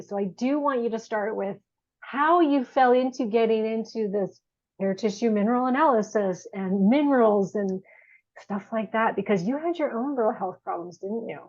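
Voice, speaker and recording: A woman's voice: on the high side, lively intonation, normal speed. A woman hosting an interview podcast, chatty and bubbly, who laughs easily. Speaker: podcast host. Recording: dull backup microphone.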